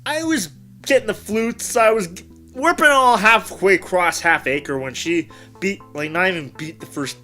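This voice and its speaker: With music playing in the background, a male host runs a casual interview, rambling, animated and frequently correcting himself. He has a high voice and talks at a normal speed.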